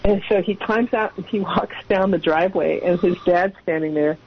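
A woman in her sixties, appearing as a guest, speaks at a moderate pace in a fairly low voice, laughing and chatting through long, rambling family stories. The radio audio is dull and lo-fi, with a little hiss or hum.

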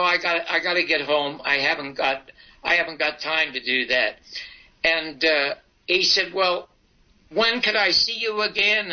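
Elderly man spinning a long anecdote. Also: high-pitched. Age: 80s. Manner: raconteur, acts out both sides of dialogues. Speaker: guest comedian and talk show host. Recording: dull lo-fi broadcast audio.

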